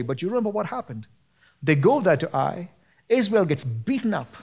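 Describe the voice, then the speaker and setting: High-voiced impassioned male preacher. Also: sing-song, moderate pace, gravelly, slightly rough. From United States. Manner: impassioned, rising to near shouting at peaks; casual slang mixed into preaching. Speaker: pastor. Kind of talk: sermon.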